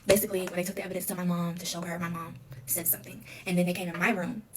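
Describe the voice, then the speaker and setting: A young woman tells her own story in an interview, the words tumbling out quickly. Her voice sits a little low for a woman. She keeps acting out the dialogue, so the retelling stays loose and candid. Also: level tone, a crowd in the background. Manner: rapid, filler-heavy retelling with quoted dialogue.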